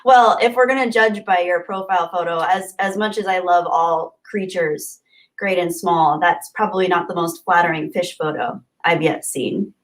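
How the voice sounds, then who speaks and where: A woman's voice: fairly low pitch, steady tone, moderate pace. A woman hosting a live stream, chatting casually and greeting viewers from the chat with gushing, friendly thanks. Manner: warm, gushing, chatty with frequent laughs. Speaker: livestream host. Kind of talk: casual livestream chat reading.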